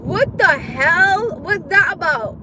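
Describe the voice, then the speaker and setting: A young woman livestreams from her car, chatting straight to her viewers and yelping in alarm at the road ahead. Her voice is extremely high and slow, and she's animated, swearing and shrieking, with background noise in the clip.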